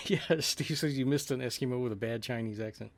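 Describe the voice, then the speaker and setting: A man co-hosting a live stream, chatting casually and laughing while cartoons play, with many fillers and restarts. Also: mid-range voice. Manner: laughs often, halting with fillers. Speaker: podcast co-host. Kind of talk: casual chat over cartoons.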